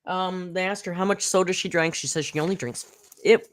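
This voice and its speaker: A woman with a lowish voice speaks fairly quickly with fairly even intonation. She's a commentary channel host on a casual live reaction stream, snarky, profane and rambling with fillers, sitting close to a desk mic.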